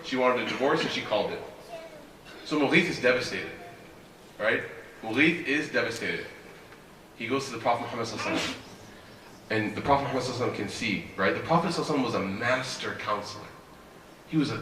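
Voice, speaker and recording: A man giving an animated storytelling religious lecture, often checking in with the audience with a quick question. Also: medium pitch, slight background noise. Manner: animated, keeps asking the audience "right?". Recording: echoey hall, voice from far off.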